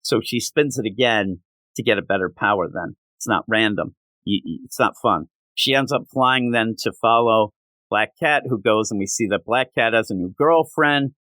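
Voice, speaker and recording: A man's voice: lowish voice, normal speed, a bit bright, no echo. A man reviewing comic books in a casual spoken rant, sarcastic and exasperated.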